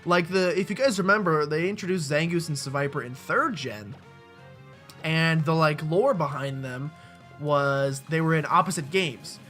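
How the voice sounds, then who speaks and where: At normal speed and in a slightly bright mid-range voice, a let's-play host chats casually and pokes fun at himself while playing a game. The desk mic with webcam picks him up alongside soft background music.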